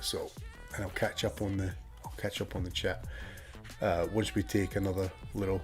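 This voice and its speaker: A Scottish man live-streaming a game, chatting casually with viewers, swearing and laughing freely, a bit sniffly. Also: lowish voice. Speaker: gaming streamer. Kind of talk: casual live-stream chat and gameplay commentary.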